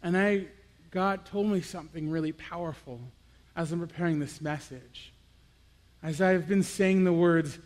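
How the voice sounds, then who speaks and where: Young man, high voice, earnest confessional sermon, reverberant hall. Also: moderate pace. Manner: earnest, confessional, swings from quiet to animated. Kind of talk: personal sermon.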